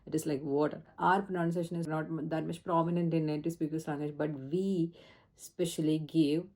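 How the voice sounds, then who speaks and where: An Indian woman teaches in a low, mellow voice, speaking earnestly and pausing on fillers as she explains. She records herself on a phone camera. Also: little pitch movement. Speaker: English test trainer.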